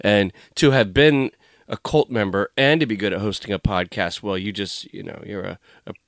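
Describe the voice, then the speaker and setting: A man's voice: lowish voice, moderate pace, fairly bright tone, no echo, studio quality. Chatty man hosting a podcast. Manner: rambling, self-interrupting, chatty. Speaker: podcast host. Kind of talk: casual conversational chat.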